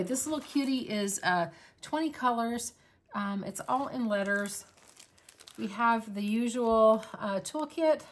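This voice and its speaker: A woman's voice: medium pitch, slight background noise. A woman hosting a crafting channel, chatting casually and rambling through an unboxing. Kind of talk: casual unboxing vlog chat.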